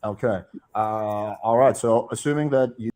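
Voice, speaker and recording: A man's voice: on the low side, moderate pace, darkish tone. A man from Russia coaching a speed date, explaining concepts casually with many fillers. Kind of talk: casual dating advice.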